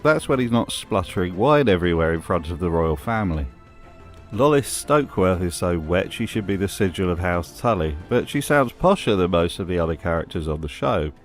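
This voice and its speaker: A man's voice: sits low, lively intonation, brisk, faint music behind. A man hosting a scripted commentary voice-over in a sardonic, mocking way. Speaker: host.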